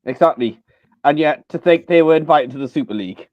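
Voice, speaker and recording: A man's voice: on the high side, a little fast, dull audio. A man co-hosting a casual live football chat, speaking hesitantly with many fillers. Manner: hesitant, many ums and uhs. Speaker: co-host.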